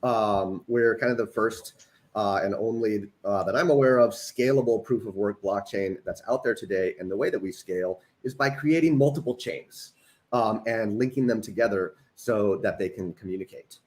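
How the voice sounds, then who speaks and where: A man's voice: on the low side, normal speed, a little mellow. A man guest on an online panel, easygoing, explaining his work with many ums. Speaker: engineering director and panel guest. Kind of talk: casual pitch on a panel.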